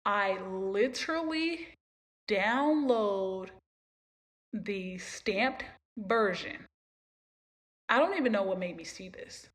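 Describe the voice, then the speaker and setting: A woman's voice: mid-range voice, lively intonation, takes it slowly, pauses often, fairly bright tone. A young woman hosting a podcast, telling a long story in a rambling, emotional way and repeating herself. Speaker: podcast host. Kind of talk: casual storytelling monologue.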